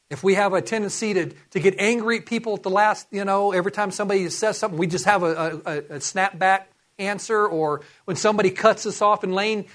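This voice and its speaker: Guy preaching a sermon, pretty high voice, earnest and pushy, reads verses out. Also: a bit bright. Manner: earnest, urging, quotes scripture aloud.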